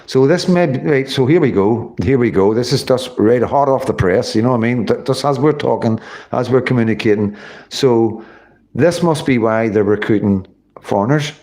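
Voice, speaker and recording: A man's voice: mid-range voice, moderate pace, a little mellow. A middle-aged man with a Northern Irish accent, rambling and swearing on a casual livestream while reading viewer comments. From Northern Ireland. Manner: rambling, swears often, many fillers.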